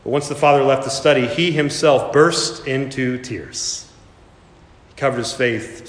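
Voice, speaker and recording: A man's voice: medium pitch, fairly bright tone. A man preaching a sermon, telling a story with dramatic rises and voicing the characters in it. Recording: echoey hall, reverberant room.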